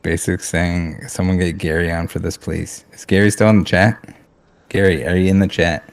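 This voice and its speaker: A man's voice: sits low, little pitch movement, moderate pace. A man co-hosting a live podcast, joking around and laughing often. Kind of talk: casual chat on a live podcast.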